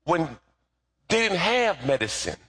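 A man's voice: on the high side, big pitch swings, a little slow, sharp tone, breathy edge. A middle-aged man preaching a sermon in a conversational, playful way, asking the congregation to repeat after him. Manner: conversational, playful, calls for responses. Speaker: pastor.

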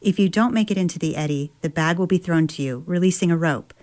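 A woman reading the lines of an easygoing adult male river guide, giving casual instructions in a slightly low voice. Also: fast talker, darkish tone, close to an everyday voice. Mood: instructive.

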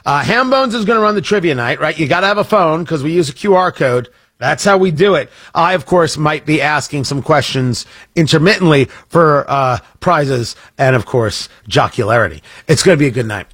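A man's voice: on the high side, animated, normal speed, fairly bright tone, husky, dry recording. A man hosting a morning radio talk show in a casual, rambling, joking way. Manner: rambling, self-interrupting, jokey.

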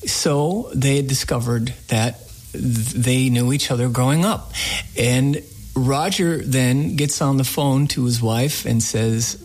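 A man with a gravelly, creaky voice recounts anecdotes from his radio folk program. His telling is folksy and rambling, the easy talk of a host being interviewed about his work. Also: mid-range voice, measured pace, darkish tone, low-quality recording.

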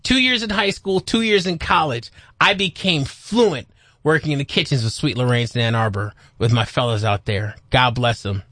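A man's voice: mid-range voice, normal speed, bright, forceful tone, no echo, clean studio sound. Teasing male radio co-host. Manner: teasing, blunt. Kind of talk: casual morning radio banter. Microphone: studio mic.

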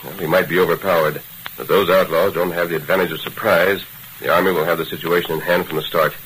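Masked radio lawman hero, very low voice, rapid delivery, authoritative, faint hiss behind. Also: poor audio. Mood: firm. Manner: firm, steady, authoritative. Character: masked male Western lawman hero, commanding, calm. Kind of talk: 1940s radio acting.

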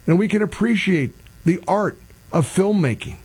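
Exasperated high-voiced husky male talk host. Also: lively intonation, normal speed, darkish tone. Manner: exasperated, ranting, self-deprecating. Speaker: radio talk show host. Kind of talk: casual opinionated radio monologue.

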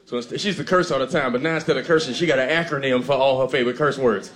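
A male stand-up comedian telling an animated story about his mother, laughing along. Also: mid-range voice, very fast.

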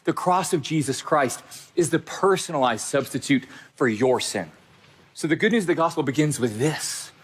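Husky, emphatic man preaching. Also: on the high side, moderate pace. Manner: emphatic, direct address, repeating key phrases. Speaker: pastor. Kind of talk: sermon.

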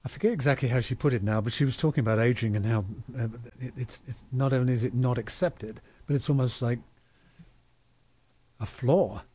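Husky, mellow-voiced male interviewer. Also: medium pitch, fairly quick. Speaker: interview host. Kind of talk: conversational interview.

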